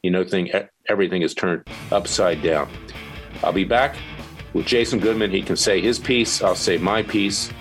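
A man's voice: low voice, normal speed, soft background music, rough recording. A man hosting a talk radio show, delivering an opinionated monologue in a combative, emphatic way.

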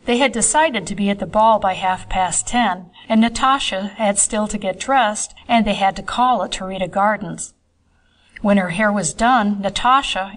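A woman narrating a classic novel for an audiobook. Her reading is measured and even, and her voice sits at a middle pitch. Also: rough recording. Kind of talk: scripted narration.

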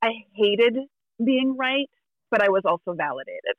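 A woman's voice: medium pitch, sing-song, a little slow, no echo, narrow, tinny audio. A woman tarot reader telling a story in casual chat, acting out the quotes and laughing often.

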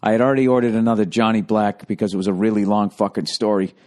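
Man, solo podcast host, lowish voice, profane rambling storyteller, quick mocking impressions. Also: steady tone, darkish tone. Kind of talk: casual storytelling monologue.

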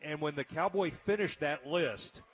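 A man's voice: on the high side, measured pace, husky. A man hosting a casual radio talk show, telling an emotional story with frequent restarts. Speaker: radio host.

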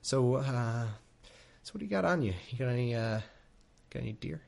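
Guy putting on a twitchy god jonesing for sacrifices, wheedling and begging, kinda low and muttery. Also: lively intonation, moderate pace, vocal fry. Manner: jittery, wheedling, pleading. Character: twitchy male deity craving sacrifices.

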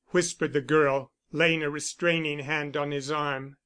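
A man narrating a novel as an audiobook reader, in a measured, even storytelling manner. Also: fairly high pitch.

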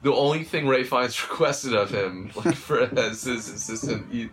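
A man's voice: mid-range voice, moderate pace, a bit bright. A man co-hosting a podcast, teasing his partner and telling rambling stories in casual chat. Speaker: podcast co-host.

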